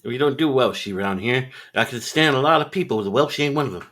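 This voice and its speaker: A man co-hosts a film review podcast in a casual chat. His voice sits at a middle pitch and moves lively up and down as he adds dry, teasing quips. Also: brisk. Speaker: podcast co-host.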